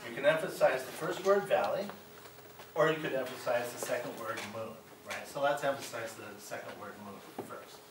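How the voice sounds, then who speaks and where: A middle-aged Chicago man guest-lectures in a college classroom, speaking in a mid-range voice at a fairly quick clip with hardly any pauses. He keeps checking in with students by asking "right?" The room echoes, the mic sits far away, and there's background noise.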